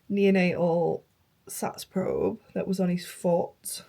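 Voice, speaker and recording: A young woman vlogging casually, emotional and halting, her voice hoarse from flu and tonsillitis, sometimes dropping to near-whispers. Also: lowish voice, steady tone, dark tone, slight background noise. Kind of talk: casual vlog chat.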